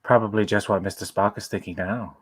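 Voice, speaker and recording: Man voices a smug all-seeing officer, low and deliberate. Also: steady tone, husky. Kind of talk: comic reading of film lines.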